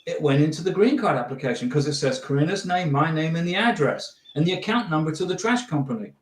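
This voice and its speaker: A middle-aged man hosts a livestream in an echoey room, casually offering visa advice and reading viewer questions aloud. His fairly high voice moves fast with lively intonation, and he's chatty and reassuring, often repeating himself and restarting.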